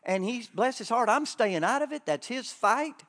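Preacher, man, high and lively, joking sermon delivery. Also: moderate pace. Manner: animated, joking, swinging loud to soft. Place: church or conference hall.

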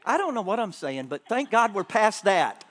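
Preacher, man, high and lively, joking sermon delivery. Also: normal speed, a little hiss or hum. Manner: animated, joking, swinging loud to soft. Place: church or conference hall.

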